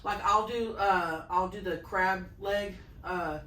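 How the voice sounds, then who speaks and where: A woman's voice: mid-range voice, takes it slowly, a bit bright, recorded from a distance. A woman guest joining a podcast in casual chat, teasing and joking. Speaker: comedian guest. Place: comedy club green room. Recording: roomy, a bit off-mic, faint noise.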